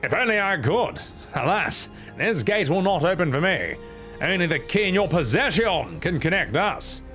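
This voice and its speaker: A man voicing a pompous, mysterious male guardian behind a gate, with a grand, slow theatrical delivery. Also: sits high, very animated, bright, forceful tone, faint music behind, heavily acted.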